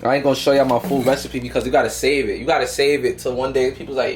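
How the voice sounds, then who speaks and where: A young man cooking in his home kitchen and talking to viewers, quick and slangy, often asking "you feel me". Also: medium pitch, fairly even intonation, faint music behind. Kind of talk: casual cooking vlog.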